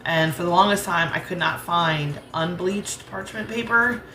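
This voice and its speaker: This American woman hosts a cooking channel, rambling and chatting casually with a rural Southern accent while she cooks at home, laughing easily. Her voice is lowish and at a normal speed, recorded in an echoey room.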